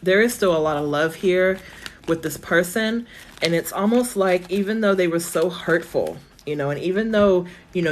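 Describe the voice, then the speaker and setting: A woman giving a live-stream tarot reading from her phone, chatty and reassuring, thinking aloud with lots of fillers, her voice going hoarse. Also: fairly low pitch, a little hiss or hum. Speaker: tarot reader.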